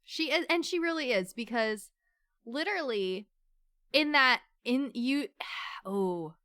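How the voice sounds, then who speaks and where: A woman's voice: fairly high pitch, slow, no echo, clean studio sound. A young woman co-hosting a casual book club livestream, talking with emotion and venting about a novel. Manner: emotional, animated, swings between venting and seething.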